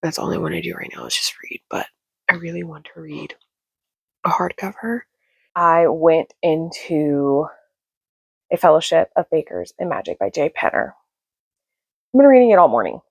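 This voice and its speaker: A woman's voice: sits low, animated, moderate pace, gravelly, pauses often, husky, no room sound. A woman in her thirties, a book vlogger, chatting casually and gushing with many fillers, at first whispering so as not to wake her household. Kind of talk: casual chat.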